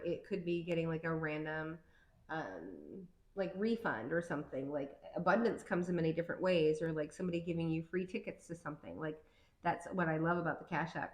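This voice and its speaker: A woman giving a casual tarot reading, rambling and chatty, full of fillers and quick to laugh. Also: low voice, reverberant, poor audio. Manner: playful, laughs easily. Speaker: tarot card reader.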